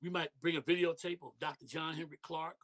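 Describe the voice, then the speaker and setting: A man's voice: on the high side, fairly even intonation, fairly quick, a bit bright. A middle-aged man from Detroit, a podcast guest in casual interview chat, talking loosely in street slang with lots of "you know what I mean".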